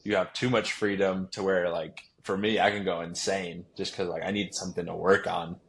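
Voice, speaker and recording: A man's voice: low voice, little pitch movement, moderate pace, creaky. A young man, a baseball player, talking casually in an interview, rambling with lots of fillers and restarts. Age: young adult. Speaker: guest, pro baseball player.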